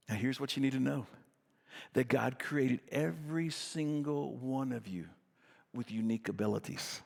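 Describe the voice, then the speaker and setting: A middle-aged pastor delivers a sermon in a relaxed, storytelling way, poking fun at himself. His voice has a gravelly, creaky edge, and it rings with the long reverb of a large church hall. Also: medium pitch. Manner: conversational storytelling, self-deprecating.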